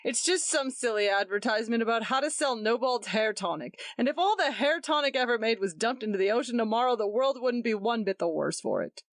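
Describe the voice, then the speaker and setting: A woman's voice: fairly high pitch, animated, brisk, few pauses, no room sound, voice pushed up. A woman doing a smug, jovial, needling man. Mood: mocking. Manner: jovial then indignant.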